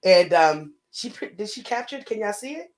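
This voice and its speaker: A woman co-hosting a casual live-stream chat with a New York accent, talkative and playful with shout-outs. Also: medium pitch, expressive, brisk, rough recording. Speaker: co-host.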